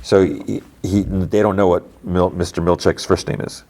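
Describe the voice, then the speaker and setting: A man's voice: deep voice, level tone, moderate pace, mellow. A man hosting a podcast, casually retelling a TV episode in a rambling way, full of "like" and acted-out quotes. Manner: rambling, heavy use of "like", acts out quotes. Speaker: podcast host. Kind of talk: casual movie and TV recap.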